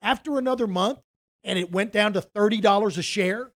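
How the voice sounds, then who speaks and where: A man's voice: high-pitched, fairly quick. A middle-aged man, a financial advisor, telling a story in casual conversation, rambling with many restarts and acting out quoted dialogue.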